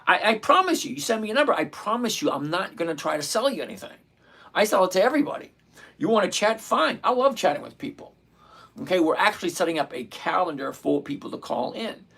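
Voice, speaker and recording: Gravelly, blunt middle-aged trading host. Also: male voice, high voice. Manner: blunt, repeats points slowly. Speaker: stock trading livestream host. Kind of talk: live-streamed trading lesson answering chat.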